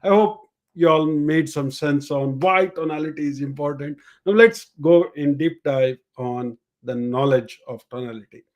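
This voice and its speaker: A man's voice: on the high side, normal speed, darkish tone. A man coaching in a live-streamed lesson, explaining and demonstrating ways of speaking, often repeating his main points. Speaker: sales and communication coach. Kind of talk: live-streamed teaching session.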